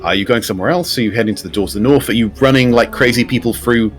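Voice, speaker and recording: A man's voice: mid-range voice, rapid-fire, soft background music. A man running a tabletop game as game master, describing scenes in an easygoing way and asking the players what they do.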